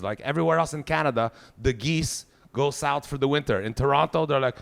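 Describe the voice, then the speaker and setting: A man's voice: medium pitch, lively intonation, a little fast, gravelly, hardly any pauses, fairly bright tone. A man in his forties with a Québécois French accent, doing a profane, ranting stand-up comedy set. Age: 40s. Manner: profane, ranting, swears heavily.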